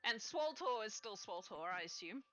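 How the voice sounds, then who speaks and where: A woman's voice: medium pitch, expressive, moderate pace, sharp tone. A woman running a tabletop game as game master, narrating playfully and laughing often.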